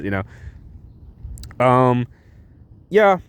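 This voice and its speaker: A man's voice: medium pitch, animated, brisk. A man giving a casual, rambling and enthusiastic comic book review.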